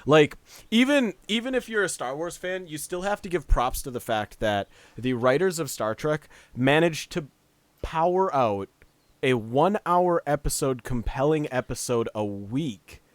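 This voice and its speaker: A male streamer chatting during a game session, his pitch swooping up and down as he argues his points and breaks into laughs. His voice sits close and dry on a headset mic, with no room sound around it. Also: measured pace, no room sound. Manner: animated, argumentative, laughs easily. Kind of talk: casual gaming chat.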